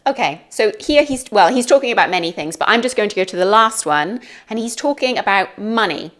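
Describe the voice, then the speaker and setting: A woman with a British accent talks through an English lesson. Her pitch sits in a middle range, neither high nor low. She explains in a chatty, friendly manner, as if to a student. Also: lively intonation, a little fast, soft background music. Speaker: English teacher.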